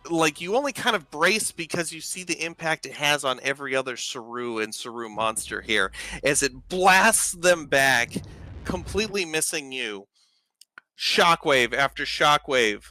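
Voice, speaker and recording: Bright-voiced man running a tabletop game. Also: mid-range voice. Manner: loose, rambling narration with many fillers. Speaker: game master.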